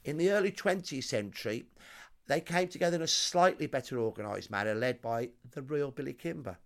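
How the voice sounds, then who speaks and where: A man's voice: mid-range voice, lively intonation, fairly quick. A man, a historian guest telling a vivid story with emphatic, dramatic lists. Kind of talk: storytelling explanation.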